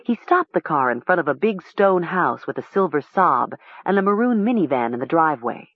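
A woman narrating an audiobook in a measured, expressive way. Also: sits low, slightly rough, dry recording, narrow, tinny audio.

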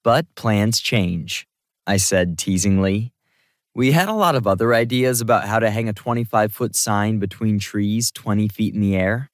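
A man reading a first-person story aloud as an audiobook narrator, in a lively, wry storytelling manner. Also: fairly low pitch, moderate pace, no room sound, studio quality.

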